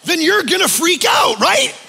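High, bright-voiced emphatic preacher man. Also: wildly swooping pitch, a little slow, creaky, long reverb tail. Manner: emphatic, with sudden loud bursts and asides. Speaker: pastor. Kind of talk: conversational sermon. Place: church auditorium.

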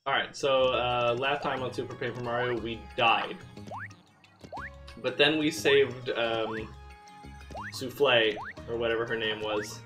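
Chill dude streaming a game, chatty, laughs a lot, soft music behind. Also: male voice, mid-range voice, unhurried. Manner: relaxed, laughs easily, chatty asides. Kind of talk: casual live game-stream chat.

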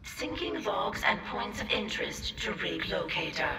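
Flat computer voice, low and gravelly, game sound from far off in a big echoey space. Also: female voice, a little slow, background noise, full character voice. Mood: formal. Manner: flat, formal announcements. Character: calm female ship computer announcer.

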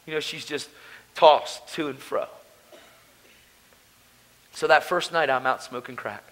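A man's voice: on the high side, unhurried, fairly bright tone. A man preaching a testimony at a conference, telling his story in a casual, slangy way. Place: conference hall.

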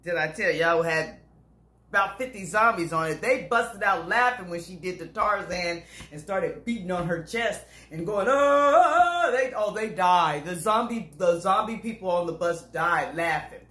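A woman bus driver telling a comic story to viewers in an animated, chatty way, calling them y'all. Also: lowish voice, normal speed. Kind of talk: comedic storytelling to camera. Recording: roomy echo.

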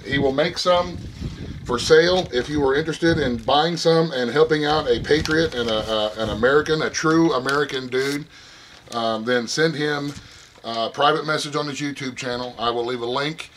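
A man's voice: mid-range voice, moderate pace, a bit bright, a little hiss or hum, poor audio. A man giving a casual, folksy product review vlog, rambling with lots of fillers. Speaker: vlogger.

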